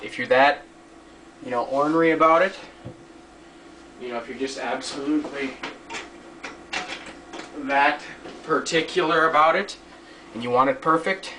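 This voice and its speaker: Profane joking man, bright voice, distant mic. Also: medium pitch, fairly even intonation, normal speed, pauses often. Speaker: how-to video maker. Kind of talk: casual hands-on tutorial. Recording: distant mic with faint background hiss.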